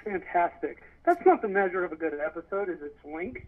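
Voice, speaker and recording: A man's voice: sits high, expressive, fairly quick. A man co-hosting a casual sports podcast, easygoing with dry, agreeing replies. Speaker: podcast co-host. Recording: tinny phone-like sound with faint noise.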